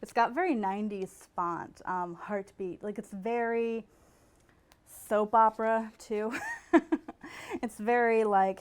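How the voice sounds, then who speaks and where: A woman hosting a podcast in casual comedic chat, animated, laughing and breaking into incredulous outbursts. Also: medium pitch, measured pace. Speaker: podcast host.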